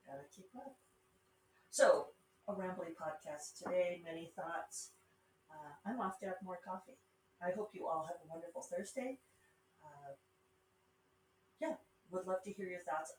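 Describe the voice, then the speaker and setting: A woman's voice: on the low side, expressive, normal speed, long pauses, darkish tone, slight background noise. A middle-aged woman with a Rocky Mountain accent hosting a podcast, talking in a casual, rambling way with wry asides. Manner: chatty, digressive, wry asides. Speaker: podcast host and self-published author. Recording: roomy sound from a distance with faint ambience.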